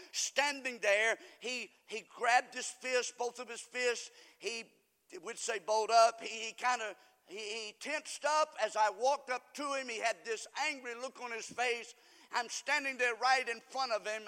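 Shouting preacher man in a hall. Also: high-pitched. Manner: preaches with sudden shouts and call-and-response. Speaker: pastor. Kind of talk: sermon.

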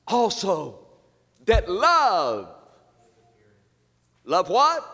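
A man preaches a fiery sermon with a high, bright, forceful voice. He pulls the congregation into call-and-response and swings from shouting to low, intense speech. His words ring through a church hall with long reverb. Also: wildly swooping pitch, takes it slowly, long pauses. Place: church sanctuary.

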